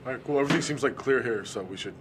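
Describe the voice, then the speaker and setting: A man's voice: medium pitch, rapid-fire, slight background noise. A man playing a tabletop role-playing game, chatting casually and loosely with many "like"s. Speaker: player.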